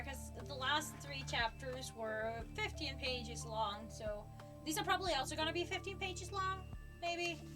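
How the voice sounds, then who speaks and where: A woman's voice: high voice, recorded from a distance. A woman streamer chatting casually on a livestream, giggly and flustered, often stopping to restart her sentences.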